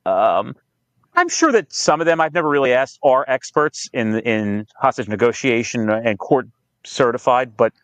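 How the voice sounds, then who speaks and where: Speaking at a normal speed in a mid-range voice, the guest, founder of a police training company, swaps cop stories on a podcast interview, swearing heavily and acting out quoted exchanges. The recording is lo-fi with no room sound.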